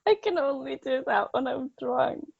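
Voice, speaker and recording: A woman's voice: high-pitched, normal speed, creaky, breathy edge, no room sound. A woman co-hosting a podcast in casual chat, giggly and self-conscious as she banters. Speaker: podcast co-host. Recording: dry, slightly dull lo-fi sound.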